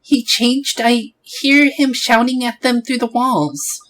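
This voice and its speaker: A man's voice: very high-pitched, fairly even intonation, slow pace, a bit bright, pitched above the performer's own voice, full character voice, rough recording. A man voicing a fussy, gossipy old woman neighbor who chatters on sympathetically, in a game playthrough.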